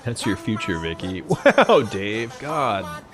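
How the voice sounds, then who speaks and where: A man's voice: on the low side, wildly swooping pitch, drawn-out words, over music. A man streaming a video game live, commenting in a rambling, jokey and profane way.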